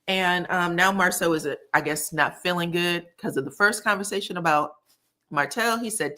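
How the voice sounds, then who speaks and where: A woman hosting a casual live recap of a reality show, her voice sitting a little low. She chats freely, calls her viewers baby and honey, and jumps up in pitch whenever she acts out what the cast said. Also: moderate pace. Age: adult, married. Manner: acts out quotes from the scenes with lively pitch jumps.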